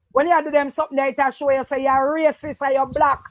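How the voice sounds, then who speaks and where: A woman's voice: sits high, little pitch movement, fairly quick, no room sound. A woman with a Jamaican Patois accent, calling in to talk politics, emphatic and repeating her points. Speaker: caller. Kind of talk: impassioned political call-in talk.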